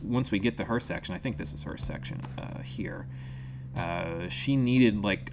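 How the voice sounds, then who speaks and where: A man streaming a game, chatting casually with jokes, swearing and self-deprecating asides. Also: on the low side. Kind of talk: casual let's-play commentary.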